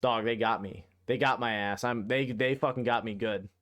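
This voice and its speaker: A man's voice: medium pitch, steady tone, moderate pace, a bit bright. A man in mid-register talks casually over a game stream, rambling and cracking profane jokes. He speaks into a desk microphone at home, loose and unscripted. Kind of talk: casual live-stream commentary.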